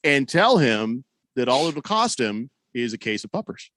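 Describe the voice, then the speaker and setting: A man's voice: mid-range voice, big pitch swings, normal speed, a bit bright, no room sound. A man hosting a sports radio show, chatting casually and reading listener messages in a rambling, wry way. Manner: rambling, self-correcting, wry. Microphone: studio broadcast mic.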